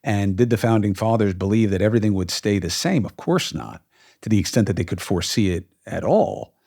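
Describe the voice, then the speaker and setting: Low-voiced man hosting a podcast. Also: animated, a little fast, mellow. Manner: emphatic, frequent fillers. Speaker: podcast host. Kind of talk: opinionated casual talk.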